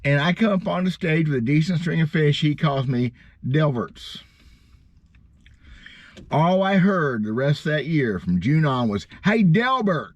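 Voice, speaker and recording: A fairly high-pitched, animated middle-aged man, a bass fishing vlogger from Missouri, spins a casual, meandering tale. His style is folksy and self-mocking, with long drawn-out emphasis. The audio lacks room sound and comes across dull and lo-fi.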